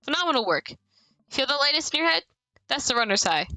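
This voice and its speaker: A woman's voice: high voice, sing-song, brisk, pushed and bright, no echo, exaggerated voice, rough recording. A woman reading an upbeat guy coaching a run. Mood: encouraging. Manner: coaching, friendly instructions. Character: upbeat male running buddy, encouraging.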